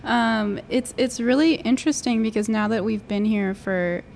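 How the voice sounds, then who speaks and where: A woman's voice: on the high side, creaky, darkish tone. Cafe worker lady chatting easy, lots of ums, faint background noise. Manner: friendly, measured, many fillers. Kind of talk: casual chat.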